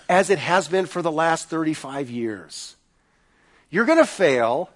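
A middle-aged man preaching a sermon as a pastor, in an emphatic, repetitive preaching cadence. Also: high voice.

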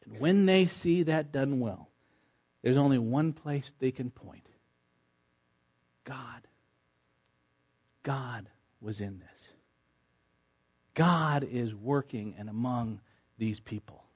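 A man preaching with strong emphasis, dropping into hushed, low lines and then climbing to loud, pressing declarations. His voice sits at an ordinary middle pitch between the swings. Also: animated, takes it slowly, pauses often, slightly rough. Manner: emphatic, swings from soft to forceful. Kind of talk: sermon.

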